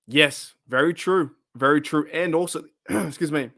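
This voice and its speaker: Man, 30s, livestream host; a slightly high, tired voice, rambling and cussing, recorded dry and close. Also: unhurried, vocal fry, a bit bright, no echo. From Australia. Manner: rambling, repeats himself, swears casually. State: voice wearing thin. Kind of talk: casual livestream chat reading comments.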